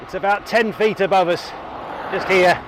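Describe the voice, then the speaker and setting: A man's voice: high voice, steady tone, normal speed, a bit bright, a little hiss or hum. A man in casual, chatty narration while riding a bike outdoors, thinking aloud with fillers, recorded on an action camera. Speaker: cycling vlogger. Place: outdoors on a bike, roads and a greenway with tunnels.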